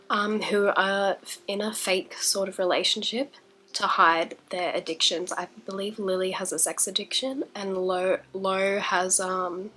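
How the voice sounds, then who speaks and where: A woman's voice: mid-range voice, a bit bright, a little hiss or hum. A young woman who is congested from illness chats hesitantly about books in a casual vlog, with many fillers. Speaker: indie author and book vlogger.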